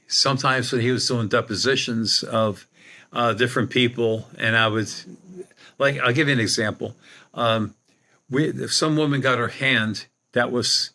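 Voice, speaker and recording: An older man, a psychic medium appearing as a podcast guest, tells a rambling anecdote full of restarts during the interview. His medium-pitched voice is steady and sharp in tone, and he speaks unhurriedly.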